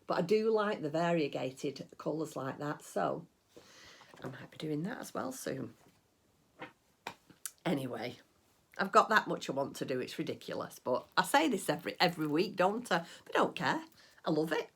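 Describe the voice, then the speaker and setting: Chatty low-voiced woman vlogger. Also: very animated, moderate pace, vocal fry, long pauses, fairly bright tone, slight background noise. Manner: chatty, rambling, gushing with delight. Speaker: crafting vlogger. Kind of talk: casual chat.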